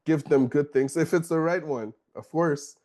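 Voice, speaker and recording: A man's voice: fairly high pitch, normal speed, darkish tone. A middle-aged man hosting a podcast discussion, talking casually and often checking in with "okay?" and "you know" between points. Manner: conversational, frequent "okay?" and "you know", chuckles. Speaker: podcast host.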